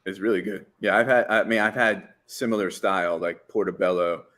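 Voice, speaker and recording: Male podcast co-host, low voice, rambling and filler-heavy. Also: steady tone, fairly quick, fairly bright tone. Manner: rambling, full of fillers and "right?" tags. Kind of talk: casual chat.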